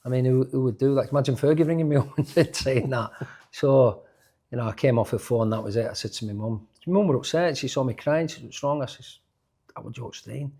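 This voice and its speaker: A man, a former footballer telling animated stories in an interview, often restarting his sentences. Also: medium pitch, fast. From Yorkshire, England. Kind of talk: casual interview storytelling.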